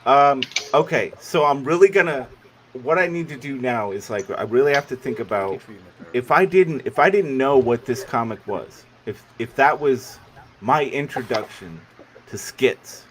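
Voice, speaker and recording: Man, panel host, excitable, laughs a lot, casual swearing, middle pitch. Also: moderate pace. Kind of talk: casual online panel chat.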